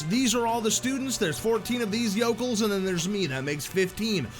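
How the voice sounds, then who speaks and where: A man's voice: high voice, lively intonation, normal speed, faint music behind. A man streaming a video game with rambling, self-deprecating, jokey commentary. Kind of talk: casual let's-play commentary.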